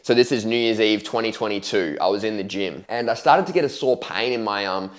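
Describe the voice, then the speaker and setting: A young man speaks to camera in a casual storytelling way, his voice sitting a little low. He is candid and slangy, swears freely, and acts out what he said and thought at the time. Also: brisk. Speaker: vlogger telling his life story.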